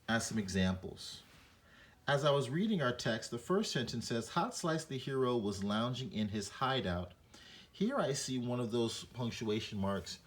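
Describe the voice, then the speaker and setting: Man, teacher, reading lesson, reads a story aloud plain then expressive, mid-pitched voice.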